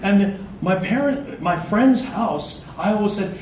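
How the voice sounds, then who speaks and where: A man in his fifties giving a spiritual talk to a group. He slowly draws out short affirmations and tells relaxed, humorous personal stories. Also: high voice, slight background noise. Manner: slow, drawn-out chanting of short affirmations. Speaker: spiritual speaker. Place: indoor event venue before a live group. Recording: echoey hall recorded from a distance, faint ambience.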